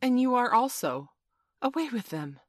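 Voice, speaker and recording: A woman's voice: a little high, big pitch swings, moderate pace, dry recording, studio quality, pitched above the performer's own voice. A woman voicing a boastful young boy leader who barks eager orders in a storybook reading. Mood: bossy.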